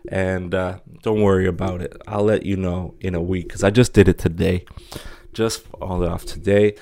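A young man with a fairly low voice talks through a casual solo podcast. He rambles and jokes, restarting sentences and leaning on fillers as he goes. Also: steady tone, moderate pace, vocal fry, mellow. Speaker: podcast host.

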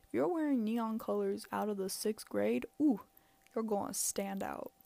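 A woman's voice: mid-range voice, normal speed, gravelly, warm tone, dry recording. A young woman hosting a casual solo advice podcast, rambling and self-mocking, with lots of "like" and frequent laughter. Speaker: podcast host.

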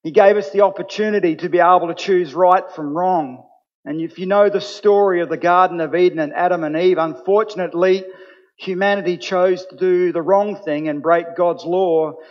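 A man's voice: high voice, steady tone, moderate pace. A man preaching a sermon as pastor, earnest and building to emphatic points. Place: church. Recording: dull sound with long hall reverb.

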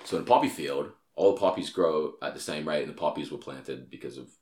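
A man's voice: very deep voice, quick pace, darkish tone, reverberant. A young Australian man in casual chat, a profane, rambling storyteller. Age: young adult. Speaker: comedian and podcast host.

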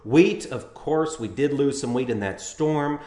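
Man, farm radio co-host, folksy, casual chat, reading market numbers, average pitch, roomy echo. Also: a little slow, dark tone.

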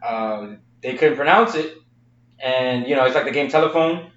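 A man's voice: medium pitch, moderate pace, fairly bright tone, echoey room, distant mic, muffled recording. A man co-hosting a casual podcast, joking around in loose, profane banter. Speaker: podcast co-host.

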